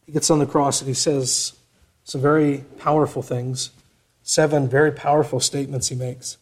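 A man preaching a sermon, asking rhetorical questions and swinging between loud emphatic passages and quiet ones. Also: mid-range voice, level tone, normal speed. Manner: rhetorical questions, rising for emphasis then dropping soft.

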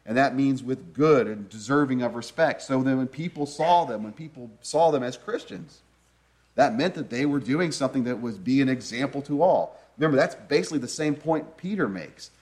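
A man's voice: medium pitch, expressive, moderate pace, a little mellow. Earnest male preacher giving a sermon. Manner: earnest, conversational teaching with many rhetorical questions.

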